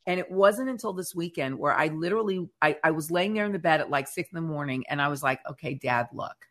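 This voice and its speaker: A woman co-hosting a casual faith chat show, telling stories in an animated way and acting out what others said. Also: low voice, quick pace. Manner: animated storyteller who acts out quotes. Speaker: podcast co-host.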